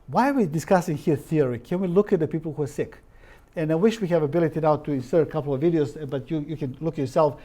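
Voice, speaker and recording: Guy lecturing, kinda high voice but mellow, lots of uhs and restarts, keeps asking the crowd questions. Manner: halting, many fillers and restarts; questioning, rhetorical asides to the audience. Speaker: naturopathic doctor giving a lecture. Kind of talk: informal lecture.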